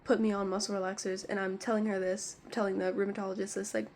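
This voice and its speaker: A woman's voice: medium pitch, little pitch movement, fast, hardly any pauses, a little mellow, a little hiss or hum. A woman vlogger telling a story in a casual, rambling way, exasperated and leaning heavily on "like.". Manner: rambling and exasperated, heavy use of "like".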